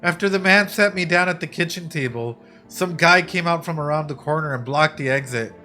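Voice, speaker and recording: A man voicing a scared young survivor in a game, telling a story in a shaken, hushed way. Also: a little high, a little fast, faint music behind. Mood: fearful. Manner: hushed and shaken, then pleading and panicky. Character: young frightened survivor recounting an escape.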